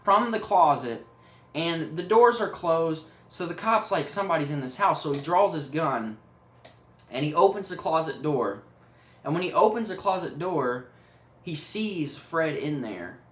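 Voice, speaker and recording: A man's voice: on the high side, expressive, a little slow, a bit bright, reverberant. A man casually retelling a horror story idea, rambling along with fillers and asides.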